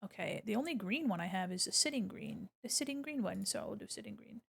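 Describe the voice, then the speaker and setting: A woman's voice: medium pitch, animated, fast talker, vocal fry, fairly bright tone, slightly rough. A woman art streamer chatting playfully with her viewers, humming and singing along as she works. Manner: playful and chatty, hums and sings along to music. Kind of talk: casual livestream chat to viewers.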